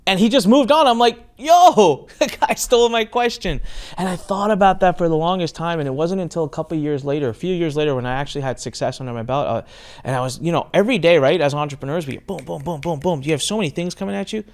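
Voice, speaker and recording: A middle-aged man hosting a podcast, telling a story with lively acted-out exchanges in casual chat. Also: on the high side, racing. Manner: animated storyteller, acts out quoted exchanges. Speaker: podcast host.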